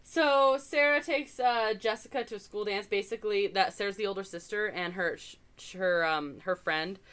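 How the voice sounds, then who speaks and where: A woman's voice: medium pitch, normal speed, fairly bright tone, clean tone. A woman from Canada co-hosting a podcast, chatting casually as she recaps a movie, with lots of "like" and wry asides. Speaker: podcast co-host.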